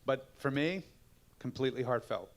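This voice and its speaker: A middle-aged actor on a fan panel, telling casual anecdotes and acting out the lines of other people. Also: male voice, mid-range voice, normal speed, slight background noise. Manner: animated, acts out quotes. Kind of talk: casual storytelling Q&A.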